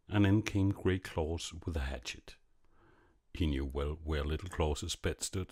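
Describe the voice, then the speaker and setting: A man narrating a classic fairy tale in a measured, expressive reading. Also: deep voice. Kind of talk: storybook narration.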